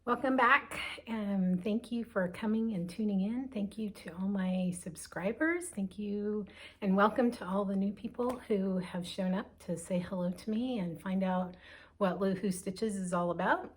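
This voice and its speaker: A woman's voice: medium pitch, a little slow, slightly rough. An older woman chatting casually to camera from home as a stitching vlogger, a bit breathless and rambling, with lots of fillers.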